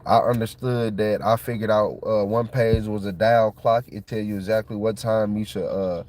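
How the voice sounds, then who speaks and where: Excitable man rambling in slang. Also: fairly low pitch, normal speed. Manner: excitable, colloquial, repeats himself. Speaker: channel host. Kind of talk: casual rambling monologue.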